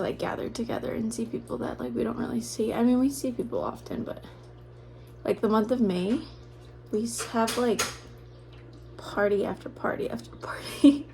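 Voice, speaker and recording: A woman's voice: medium pitch, gravelly, background noise. A young pregnant woman chatting casually in a home vlog, talking with lots of fillers and a little out of breath. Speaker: vlogger. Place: home rooms, indoors.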